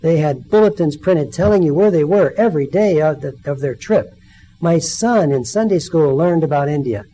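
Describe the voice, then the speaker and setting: Middle-aged male lay preacher, mellow tone, slightly high, storytelling testimony. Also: lively intonation, moderate pace, low-quality recording. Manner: storytelling, acts out quoted voices. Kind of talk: personal testimony sermon.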